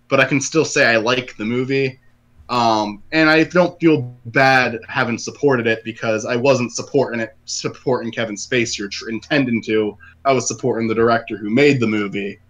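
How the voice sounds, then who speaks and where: A man's voice: medium pitch, a bit bright. Rambling man chatting about movies. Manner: rambling, many fillers and restarts. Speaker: podcast co-host. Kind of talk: casual movie discussion.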